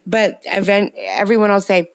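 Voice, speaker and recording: Chatty woman with a smooth voice. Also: medium pitch, big pitch swings, normal speed, dry recording, muffled recording. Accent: slight New Jersey. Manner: chatty, rambling, answers viewer comments. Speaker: livestream co-host. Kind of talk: casual late-night live chat. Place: home in California at night.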